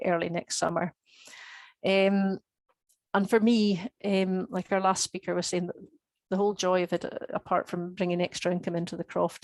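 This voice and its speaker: Low, flat-voiced woman presenting. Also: no echo. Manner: earnest, hesitant with many restarts. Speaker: crofter presenting her project. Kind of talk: spoken presentation on a video call.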